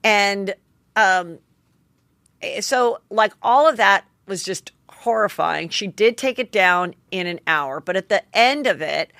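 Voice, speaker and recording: A woman's voice: mid-range voice, expressive, slow pace, gravelly, a bit bright, no echo. Forties woman gabbing on her podcast, swears a lot, does little voices for quotes, dry close sound. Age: 40s. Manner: chatty and candid, swears freely, acts out quotes. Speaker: podcast host. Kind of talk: solo gossip podcast monologue.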